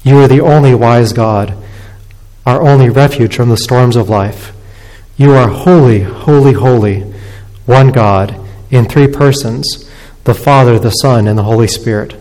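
A man preaching from the pulpit of a church sanctuary, reading scripture and praying in a measured, solemn cadence. His voice sits at an ordinary middle pitch. It carries a long, lingering reverb from the hall around him. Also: darkish tone. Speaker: pastor. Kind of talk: sermon with scripture reading and prayer.

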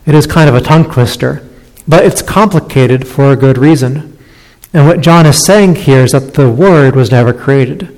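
A man giving a teaching sermon, explaining a scripture passage and slowing down on key phrases. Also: mid-range voice, a little mellow. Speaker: preacher. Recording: long hall reverb.

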